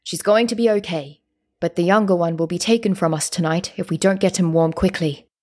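A woman's voice: lowish voice, fairly even intonation, fairly quick, darkish tone, close to an everyday voice. A woman doing an old village man calling out urgently.

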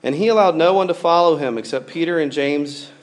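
A man's voice: a little high, fairly quick. A man in his thirties preaching a sermon, telling a personal story in a casual, rambling way with many fillers. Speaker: pastor.

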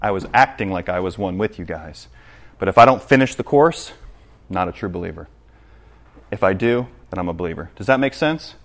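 A man preaching a sermon in church, animated, acting out scenes and checking in with the congregation. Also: low voice, brisk. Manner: animated, acts out scenes, asks the congregation "right?". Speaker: pastor.

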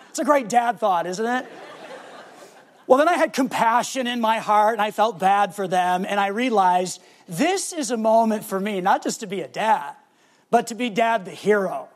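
A middle-aged man preaching a sermon, telling a family story and slowing down to stress key words. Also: high-pitched, animated. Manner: storytelling, varies pace for emphasis. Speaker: pastor.

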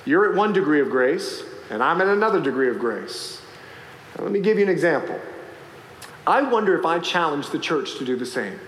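A man, a pastor preaching a sermon and telling a story with lively acted-out voices. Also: a little high, brisk, slight background noise. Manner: animated storytelling, acting out voices in the anecdote. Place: church sanctuary. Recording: echoey hall, faint ambience.

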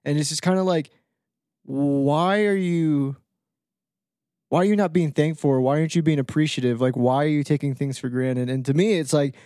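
A man's voice: fairly high pitch, fairly even intonation, fast talker, few pauses, warm tone, no echo, studio quality. A man co-hosting a podcast, talking casually in a rambling way with lots of fillers and restarts. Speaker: podcast co-host. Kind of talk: casual chat.

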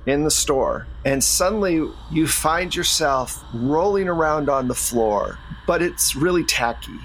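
A man running a tabletop role-play game as game master, narrating scenes in a calm storytelling manner. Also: on the high side, a little slow, slight background noise, low-quality recording. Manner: calm storytelling, drops into character voices.

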